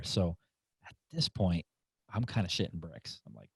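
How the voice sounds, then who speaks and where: A man hosting a podcast interview, telling a story in a casual, animated way and acting out the people in it. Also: deep voice, normal speed, vocal fry, slightly rough, no room sound. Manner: animated, acts out voices in anecdotes. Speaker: podcast host.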